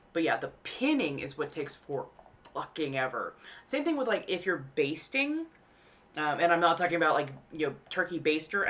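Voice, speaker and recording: A woman's voice: low-pitched, pushed and bright. Chatty woman rambling while she sews. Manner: rambling, frank, swears casually; laughs easily at herself. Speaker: streamer. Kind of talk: casual live-stream chat while sewing. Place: home apartment.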